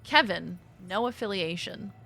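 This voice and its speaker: Bright-voiced chatty woman streamer. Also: medium pitch, unhurried, creaky, soft background music. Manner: chatty, laughing, swears freely. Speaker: game streamer. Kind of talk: casual chat while gaming.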